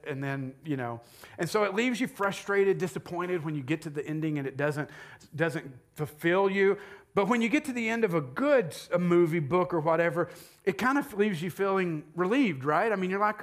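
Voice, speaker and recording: A man's voice: sits high, expressive, a little fast, fairly bright tone. A male pastor preaching a conversational sermon, joking with the congregation and asking them questions.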